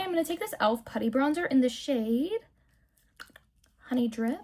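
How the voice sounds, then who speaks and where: A young beauty vlogger with a high-sitting, warm voice talks through a casual makeup tutorial, chatty and candid, gushing over products and swearing freely when she rants.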